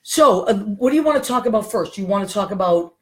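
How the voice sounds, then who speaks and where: A woman from Boston hosting a casual chat show, effusive and quick to laugh. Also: mid-range voice, lively intonation. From Boston, Massachusetts. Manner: chatty, effusive, laughs often. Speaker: host.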